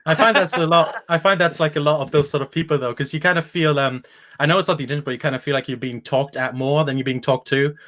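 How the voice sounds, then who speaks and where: A young man from Germany, doing a stand-up set with dry, deadpan jokes after chatting with the host. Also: fairly high pitch, fast. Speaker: stand-up comedian. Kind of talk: stand-up set and casual chat.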